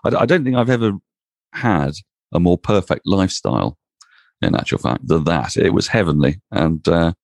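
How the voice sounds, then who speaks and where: A man, a cricket commentator, telling anecdotes as a podcast guest in an animated, self-mocking way. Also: sits low, moderate pace, dry recording, clean studio sound. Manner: animated, self-mocking raconteur with frequent restarts. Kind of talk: anecdotal interview storytelling.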